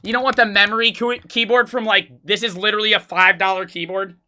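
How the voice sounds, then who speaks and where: A man in his twenties, a streamer, excitedly retelling a story with lots of swearing and acted-out quotes. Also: sits high, fast. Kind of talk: animated storytelling vlog.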